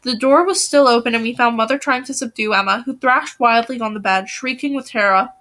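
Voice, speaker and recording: A young woman reading a novel aloud, lifting her voice for the characters' shouted lines. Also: fairly high pitch, moderate pace. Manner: reads with lively acted dialogue, voice rising for quoted shouts. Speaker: reader of a novel.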